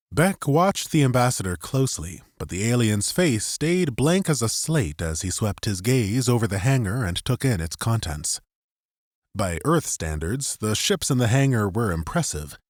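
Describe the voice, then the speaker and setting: A man narrating a science fiction audiobook in an expressive scripted style, close to the mic. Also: medium pitch, measured pace, dry recording.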